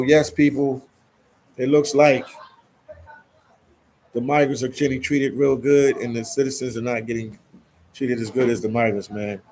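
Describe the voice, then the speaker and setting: A man's voice: mid-range voice, darkish tone. A man from Philadelphia hosting a casual live stream, reading out viewer comments in a laid-back way and often saying "man". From Philadelphia, USA. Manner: laid-back, keeps tacking "man" onto sentences.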